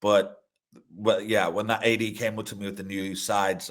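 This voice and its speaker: Fairly low in pitch and flat in delivery, the voice belongs to a middle-aged man who directs and acts, speaking at a moderate pace. He's a guest in a loose interview chat, cursing freely, restarting sentences, and laughing in the middle of stories.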